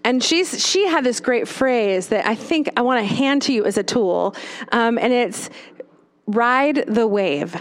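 A woman's voice: a little high, animated, moderate pace. A woman, a former children's pastor, giving a storytelling talk to parents, often checking in with "right?". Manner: storytelling with tag questions.

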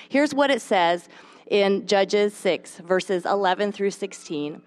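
A young adult woman teaching a devotional Bible lesson to mothers, expressive, with playful asides. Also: medium pitch, slow pace. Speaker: speaker at a mothers' Bible study.

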